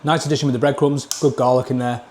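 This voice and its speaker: A man's voice: mid-range voice, flat delivery, fast, a little mellow. A man with a Northern English accent doing a casual food review vlog, blunt and plain-spoken, tasting dishes at a table into a camera mic. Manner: blunt, plain-spoken, scores each dish out of ten.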